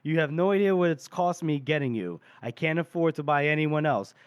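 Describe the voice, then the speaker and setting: A man's voice: on the high side, a little fast, clear, resonant tone, no echo, muffled recording, natural voice. A man reading the lines of a blunt, sly barbarian war chief who swears, in a podcast recap. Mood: taunting. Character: menacing male barbarian war chief, mocking.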